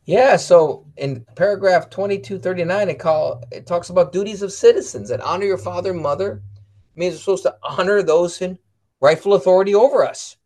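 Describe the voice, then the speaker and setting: A man's voice: high voice, brisk, a little mellow. A man talking casually about faith and family, telling stories and reading passages aloud. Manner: storytelling, acts out quoted voices; reads catechism passages aloud. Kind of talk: casual religious chat.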